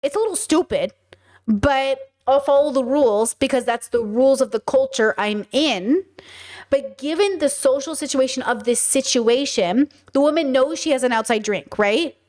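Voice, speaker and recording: Animated high-voiced woman streamer. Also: normal speed. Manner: animated, rhetorical, chatty with viewers. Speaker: streamer and podcast host. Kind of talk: casual live-stream commentary.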